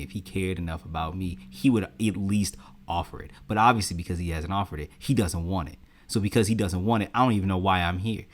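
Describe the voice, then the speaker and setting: A man co-hosting a casual podcast chat, talking in a lively way and acting out both sides of an argument. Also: low voice. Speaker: podcast co-host.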